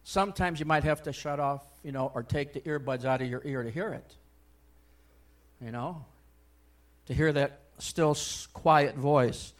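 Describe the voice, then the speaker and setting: A male pastor preaching a sermon in a church. He talks conversationally with many asides, swinging between loud exhortation and soft, hushed remarks. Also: fairly high pitch, unhurried. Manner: conversational, frequent "I mean" and "you know".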